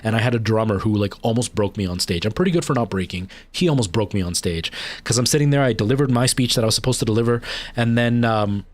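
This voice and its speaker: A man's voice: fairly low pitch, quick pace, no room sound. A man chatting casually on a livestream while he games, rambling through a long story with many fillers and restarts. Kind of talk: casual chat while gaming.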